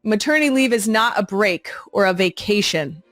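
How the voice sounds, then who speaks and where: A woman's voice: mid-range voice, expressive, moderate pace, dry recording, soft background music. A woman in her thirties hosting her own podcast, talking casually in a blunt, sassy way and swearing freely. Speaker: podcast host. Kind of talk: casual monologue.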